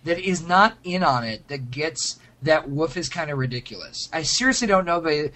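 A man's voice: a little high, moderate pace. A man co-hosting a casual podcast chat, talking animatedly and jokingly, with many fillers. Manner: animated, jokey, lots of fillers. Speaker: podcast co-host.

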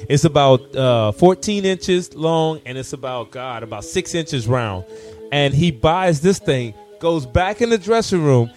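A man, a shop owner telling animated stories in casual conversation, stumbling and restarting often. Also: on the high side, unhurried, faint music behind. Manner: animated anecdotes with repeated restarts. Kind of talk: casual storytelling.

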